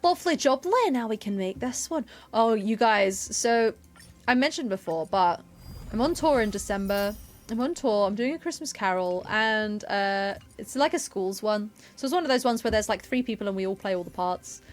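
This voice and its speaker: A woman's voice: mid-range voice, lively intonation, normal speed, faint music behind. A woman from England chatting casually on a live gaming stream, rambling and often interrupting herself.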